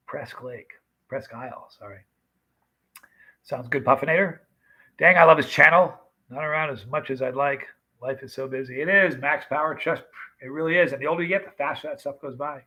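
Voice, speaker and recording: A man's voice: mid-range voice, slightly rough, muffled recording. A man in his fifties casually chatting on a livestream, greeting viewers by name and telling stories. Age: 50s. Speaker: livestream host.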